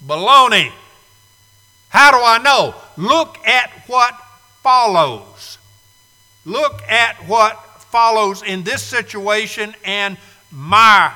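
A man's voice: high voice, bright, forceful tone, big-room sound. A man preaching a sermon to a live congregation, emphatic and fond of repeating key phrases. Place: church sanctuary, live congregation.

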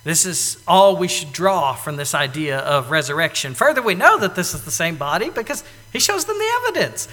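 Animated male preacher in an echoing hall. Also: on the high side, a little fast, hardly any pauses. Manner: animated, acts out quoted lines with big swings in loudness. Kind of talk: sermon.

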